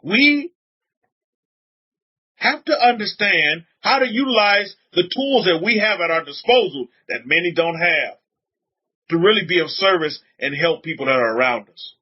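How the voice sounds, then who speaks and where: Guy preaching hard on a livestream, high husky voice, kinda muffled audio. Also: lively intonation, moderate pace. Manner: emphatic, repetitive preaching with frequent pitch swings. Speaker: rabbi. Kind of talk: livestream sermon reading chat comments. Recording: dull lo-fi audio.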